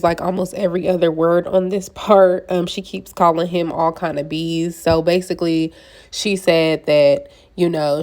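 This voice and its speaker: A woman's voice: lowish voice, darkish tone. A woman casually summarizing a censored part of a story for viewers. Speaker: narrator summarizing.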